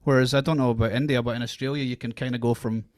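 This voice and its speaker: A Scottish man co-hosting a casual podcast. He talks in a halting way, with fillers and restarts. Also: mid-range voice, fairly even intonation, darkish tone, dry recording, clean studio sound. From Scotland. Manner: halting, lots of fillers and restarts, laughs easily. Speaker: podcast co-host. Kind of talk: casual chat. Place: Australia, remote call.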